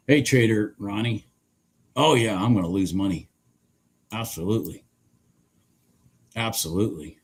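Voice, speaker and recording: A man's voice: lowish voice, moderate pace, long pauses, slightly rough. A man giving live trading commentary on a stream, exasperated, swearing and talking straight at the chart. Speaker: livestream day trader.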